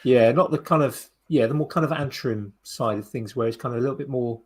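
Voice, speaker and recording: A man's voice: medium pitch, brisk, husky. A man co-hosting a podcast, chatting casually and rambling with many restarts and fillers. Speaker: podcast co-host. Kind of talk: casual chat.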